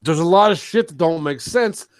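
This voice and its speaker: A man's voice: fairly high pitch, expressive, normal speed, smooth, dry recording. Guy hosting a talk show, ranting and cussing, voice all over the place, dry room. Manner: loud, swearing, voice leaping up when angry. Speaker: show host. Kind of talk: heated casual talk-show rant.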